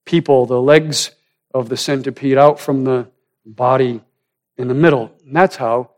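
A man preaching a sermon, swinging from loud, rising emphasis down to hushed, almost whispered lines. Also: mid-range voice. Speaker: pastor.

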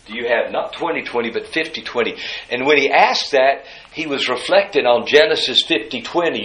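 A man preaching a sermon, moving between hushed asides and loud, high-pitched emphasis. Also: echoey room, rough recording. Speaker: pastor.

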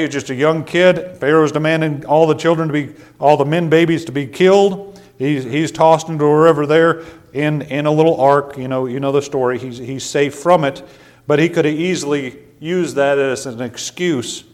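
A pastor preaching an evening sermon with a relaxed, chatty manner. His voice sits a little high for a man, and he stumbles over and repeats words as he goes. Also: normal speed. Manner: folksy, conversational preaching with repeated words and asides.

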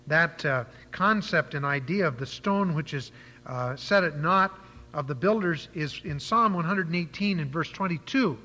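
A man's voice: fairly high pitch, sharp tone. A man preaching a sermon, retelling a Bible story and explaining words with frequent fillers. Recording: dull lo-fi church hall recording.

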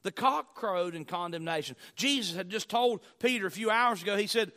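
A man preaching a sermon, repeating key phrases and moving between loud declarations and hushed, low lines. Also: a little fast. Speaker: pastor.

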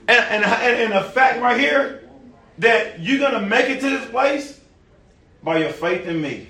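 A man preaching a folksy, animated sermon in a nursing home, talking straight to his listeners. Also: very high voice, a little slow, distant mic. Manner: animated, folksy, talks directly to the audience. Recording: echoey room, recorded from afar.

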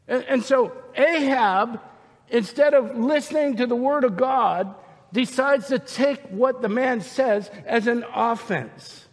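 High-voiced preacher in an echoing hall. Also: male voice, a little slow. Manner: emphatic, retells scripture scenes with voices. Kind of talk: sermon.

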